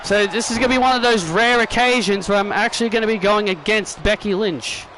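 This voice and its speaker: A young man giving excitable fan play-by-play commentary over a wrestling video game at home. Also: high-pitched, brisk, slight background noise. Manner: excitable fan commentary, often calling out the action. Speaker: gaming YouTuber.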